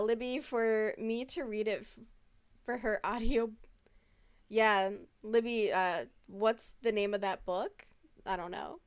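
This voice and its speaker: A woman chats casually on a home live stream, answering messages from chat. Her voice is smooth and clear, sitting at an ordinary middle pitch. She talks loosely and swears freely.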